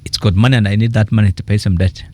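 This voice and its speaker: A man with a Kenyan accent, a political economist speaking as a radio interview guest, animated and telling stories with quoted asides. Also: on the low side, rapid-fire.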